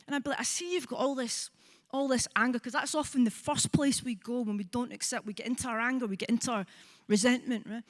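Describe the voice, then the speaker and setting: A Scottish woman in her forties, a psychologist giving a conference talk, lively and engaging, often checking in with the audience. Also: fairly high pitch, fast. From Scotland. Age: 40s. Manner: lively, asks the audience with frequent "right?" and acts out quoted voices. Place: conference hall.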